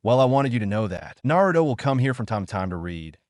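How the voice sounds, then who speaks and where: A man voicing a kindly elderly village leader in a gentle, fatherly manner in a fan story reading. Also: mid-range voice, big pitch swings, fast, dry recording, clean studio sound, natural voice.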